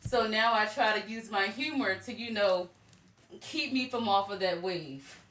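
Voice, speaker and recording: A woman's voice: medium pitch, measured pace, a bit bright, echoey room, rough recording. A woman in casual chat on a livestream, quirky and using self-deprecating humor.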